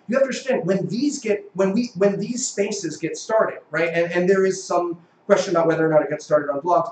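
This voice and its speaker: A man's voice: high-pitched, darkish tone, echoey room, slight background noise, poor audio. A man who is a guest in a live debate and argues in an earnest, explanatory way.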